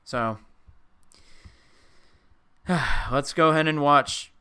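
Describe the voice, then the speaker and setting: A man's voice: a little high, drawn-out words, sharp tone. A young man streaming live, talking casually to his chat in an emotional, rambling way, often saying dude. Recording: clear music playing behind. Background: music playing.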